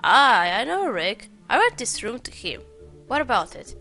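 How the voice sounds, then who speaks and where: A woman voicing a sharp-tongued, cold landlady in a detective game, reading her lines aloud. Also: a little high, sing-song, moderate pace, faint music behind, full character voice. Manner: read aloud from on-screen text.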